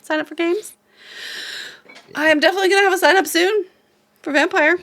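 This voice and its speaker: A woman's voice: very high-pitched, fairly even intonation, a little fast, fairly bright tone. A tired woman, the game master, signing off a late-night tabletop stream in a rambling, laughing way. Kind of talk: casual stream sign-off.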